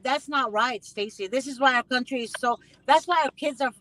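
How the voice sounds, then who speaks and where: High bright indignant woman. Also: brisk, slight background noise, low-quality recording. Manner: emphatic, repeats phrases, indignant. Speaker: host. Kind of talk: casual conversation.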